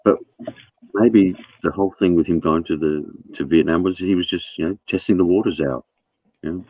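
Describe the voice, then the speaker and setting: A man's voice: sits low, normal speed, dark tone, slightly rough, dry recording, highs cut off. A middle-aged man, co-hosting a casual chat, blunt and sprinkling in swearing. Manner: blunt, swears, says mate. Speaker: show host.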